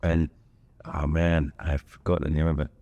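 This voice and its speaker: A man's voice: extremely low pitch, little pitch movement, moderate pace, creaky, warm tone, lo-fi sound. An older man with a Scottish accent, hosting a casual solo chat in a hotel room, rambling and joking with lots of asides and restarts. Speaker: host.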